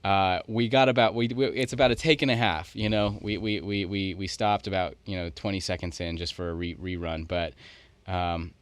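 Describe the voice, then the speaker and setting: A man's voice: low voice, fairly even intonation, normal speed, few pauses, clean tone, no room sound. A man co-hosting a podcast in casual chat, thinking aloud in long run-on sentences. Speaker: podcast co-host.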